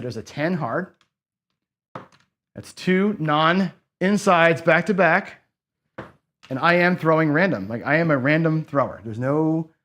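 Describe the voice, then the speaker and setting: His voice sits a little high with a fairly bright tone as he hosts a craps video at the casino. Casually commenting on the gambling, he works out bet math aloud, corrects himself, and talks to the viewers.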